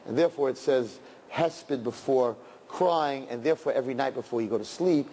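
A man, a rabbi, giving an animated sermon to young people, sprinkling in Yiddish and Hebrew terms and swinging between loud and hushed. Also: medium pitch, normal speed, breathy edge, long reverb tail.

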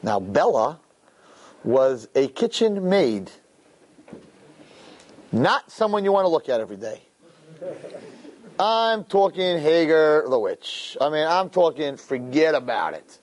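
A man telling a parable in a conversational, animated way, often checking in with "right?". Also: fairly high pitch, takes it slowly, pauses often. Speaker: storyteller. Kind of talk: animated storytelling talk.

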